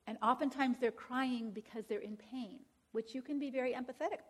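A woman's voice: fairly high pitch, brisk, few pauses. A woman teaching a Christian counseling class in a conversational way, often checking in with the audience and quoting scripture aloud. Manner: conversational, checks in with "all right?" and "right?".

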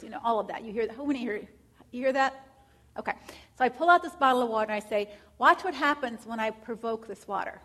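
A woman's voice: on the high side, fast talker, a bit bright. A woman teaching counseling students, asking rhetorical questions and acting out what clients say. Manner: asks many rhetorical questions, acts out clients.

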